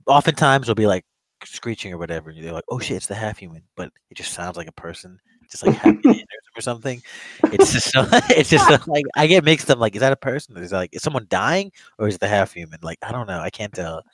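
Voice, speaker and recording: A man's voice: on the low side, lively intonation, fast talker, a bit bright, no echo, rough recording. A man reviewing an old monster movie in casual chat, rambling, swearing often and laughing at the story as he retells it. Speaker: podcast co-host.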